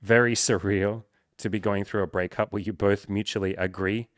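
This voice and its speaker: Deep-voiced man, close-miked and emotional. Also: steady tone, moderate pace, no room sound. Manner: candid, swears freely. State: emotional, near tears. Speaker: podcast host. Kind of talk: personal monologue to camera.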